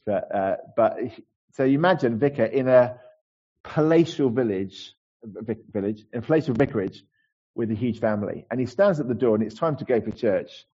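A man's voice: medium pitch, animated, moderate pace, dark tone, breathy edge, highs cut off. A man giving a conversational sermon as a pastor in church, with asides and restarts.

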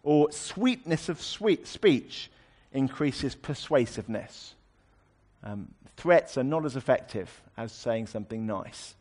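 A man's voice: medium pitch, animated, takes it slowly, a little mellow. Man preaching a conversational sermon. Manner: conversational, explanatory, with wry asides.

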